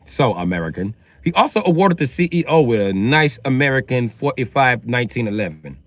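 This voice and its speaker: A man's voice: medium pitch, big pitch swings, a little fast, no room sound. A man live-streaming, riffing comedically in a brash, profane way and constantly addressing someone by name. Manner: brash, profane, keeps addressing an imaginary listener. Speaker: livestreamer.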